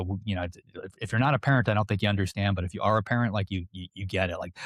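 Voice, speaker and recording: Fast-talking low-voiced man. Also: no echo, clean studio sound. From United States. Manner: rambling, filler-heavy, self-deprecating humor. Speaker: guest author. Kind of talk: casual interview talk.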